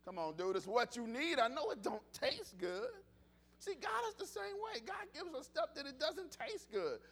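Very high-voiced man preaching casually. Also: moderate pace, vocal fry. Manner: animated, conversational preaching with repetitions and restarts. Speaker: pastor. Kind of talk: casual sermon.

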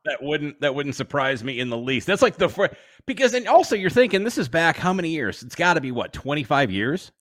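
Brief: male host, fairly high voice, very lively pitch, dry close sound, teasing. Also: a little fast, dry recording. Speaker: podcast host. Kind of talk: casual interview chat.

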